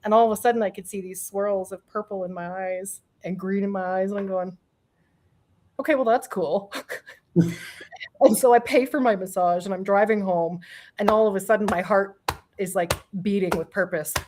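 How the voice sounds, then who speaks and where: A woman's voice: medium pitch, steady tone, moderate pace, a little mellow. A middle-aged woman, a medium and guest, telling a personal story in a casual interview. She laughs often, swears offhandedly and acts out quotes.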